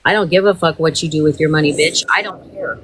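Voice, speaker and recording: A woman's voice: low voice, fast, a bit bright, breathy edge. A woman hosting a livestream, in a heated, profane and rambling rant. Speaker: livestream host.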